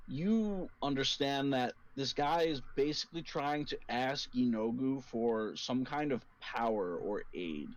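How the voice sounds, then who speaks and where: A young man runs a tabletop game as its game master, talking casually and rambling with lots of fillers. His voice sits at a middle pitch. The stream audio comes through muffled and lo-fi.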